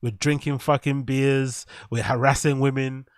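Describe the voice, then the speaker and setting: An English man hosting a casual live reaction stream, joking crudely and shouting out viewers in chat. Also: medium pitch, little pitch movement, unhurried, no echo, clean studio sound.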